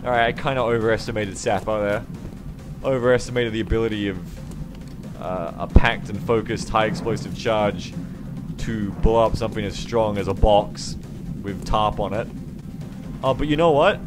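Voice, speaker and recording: A man streaming a strategy game, commentating sarcastically and jumping to excited yelps. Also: on the low side, normal speed. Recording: game stream with music behind.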